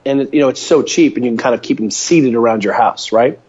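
A man talking as an interview guest over a call, an animated storyteller full of fillers, standing at a home counter. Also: medium pitch, quick pace, hardly any pauses, slightly rough. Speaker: guest, mobility coach. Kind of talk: casual interview by phone call. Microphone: phone or call line. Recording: dull lo-fi call audio.

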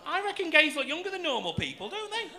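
A stand-up comedian in his forties performs a camp, cheeky set at a comedy club, ribbing the audience and cursing liberally. He talks fast in an extremely high, very animated voice, recorded in a noisy club with the crowd laughing.

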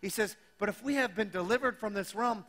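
A man with a high, bright voice preaches in an animated, conversational way. He voices his listeners' imagined questions and then answers them. The sound carries a long reverb from a large church hall. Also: a little fast. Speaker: pastor. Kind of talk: sermon.

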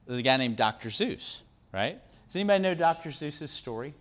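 A man's voice: mid-range voice, expressive, fairly quick. A middle-aged man giving a conversational motivational talk to students, often asking the audience questions and tagging on "right?". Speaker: guest speaker. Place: university lecture room.

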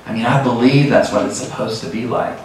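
A middle-aged man giving a lively sermon as a guest speaker, often breaking into laughter and acting out sounds. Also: mid-range voice, a little fast, recorded from a distance. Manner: lively, laughing often, acts out sheep calls. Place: large church sanctuary. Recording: very echoey church hall from afar.

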